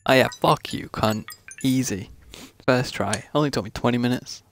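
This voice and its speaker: A man's voice: mid-range voice, normal speed, slight background noise. A man streaming a game live, talking to himself in a frustrated, self-mocking way and swearing a lot. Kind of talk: live gameplay commentary.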